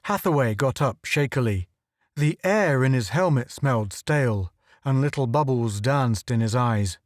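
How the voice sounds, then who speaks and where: A man reading a story aloud as an audiobook narrator, in a steady, measured manner. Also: medium pitch, no room sound, clean studio sound. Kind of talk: scripted narration.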